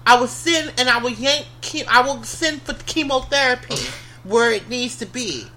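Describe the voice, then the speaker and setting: High, bright-voiced woman ranting. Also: moderate pace, a little hiss or hum. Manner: heated, ranting, loud when riled. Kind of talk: casual chat.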